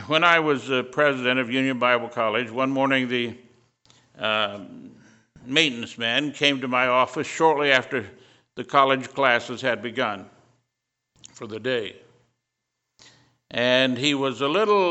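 A man's voice: mid-range voice, bright, forceful tone. An older man preaching a sermon, telling a story and building to fervent emphasis.

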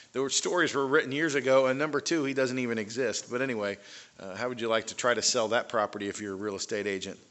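Bright-voiced man giving a talk. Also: mid-range voice. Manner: conversational, many fillers, rising emphasis on key points. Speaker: speaker. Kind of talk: talk to a live audience.

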